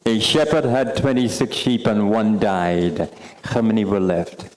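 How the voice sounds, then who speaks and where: A man with a Bahamian accent presenting a workshop to a live audience, animated and teasing, repeating phrases for emphasis. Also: fairly low pitch, unhurried, rough recording. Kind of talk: interactive workshop talk. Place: meeting room with live audience.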